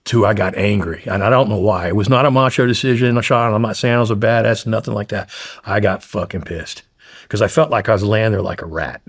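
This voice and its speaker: A man's voice: lowish voice, creaky, slightly rough. A man guest in an interview, blunt and profane, intensely retelling a frightening story.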